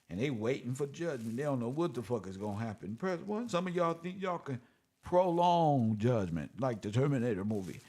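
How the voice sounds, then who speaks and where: A man, lecturing his viewers in a preachy monologue. He swings from loud outbursts to softer asides. His talk is full of slang and swearing. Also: a little high. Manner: swings between loud and soft, exclaiming, swearing, slang-heavy. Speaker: online commentator.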